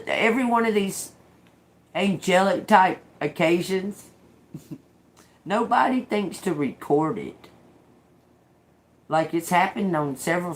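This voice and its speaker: Laughing, foul-mouthed middle-aged woman. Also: low-pitched. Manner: profane, laughs often while telling. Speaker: tarot reader and channel host. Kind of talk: casual storytelling.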